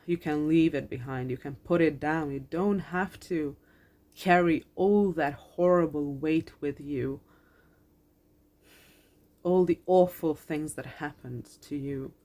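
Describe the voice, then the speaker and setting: A woman's voice: sits low, takes it slowly, mellow. A woman giving a tarot card reading to her viewers, earnest and reassuring, repeating her phrases, swearing in passing and close to tears.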